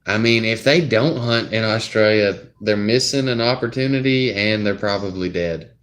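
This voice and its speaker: A man's voice: lowish voice, normal speed, a bit bright. A young man hosting a casual chat, rambling and hesitant, often trailing off mid-thought. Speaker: streamer host.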